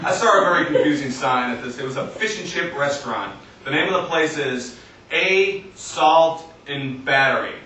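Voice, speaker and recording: A man doing a deadpan stand-up comedy set in front of a live audience, acting out other voices. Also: a little high, normal speed, a crowd in the background. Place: comedy stage in an arts center, live audience. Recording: echoey venue recorded from a distance, noisy.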